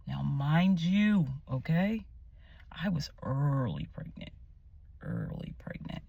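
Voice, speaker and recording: A woman vlogger sharing a personal faith testimony, candid and emotional, often dropping to hushed tones. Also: sits low, lively intonation, slow, vocal fry, slightly rough, dry recording, highs cut off. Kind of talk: confessional personal storytelling.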